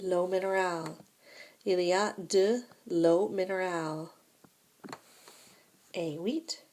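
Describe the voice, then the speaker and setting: A woman's voice: lowish voice, slow, a little mellow. A woman teaching a recorded French lesson, explaining grammar step by step and checking in with "right?" and "okay?".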